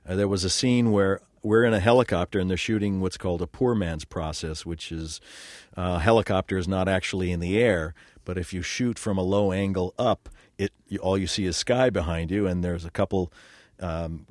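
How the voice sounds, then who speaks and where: Older male actor guest, low voice, dry sound, rambling and self-deprecating anecdotes. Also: darkish tone, no room sound. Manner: rambling, self-deprecating, frequent fillers and restarts. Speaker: working actor, interview guest. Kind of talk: casual interview talk, storytelling.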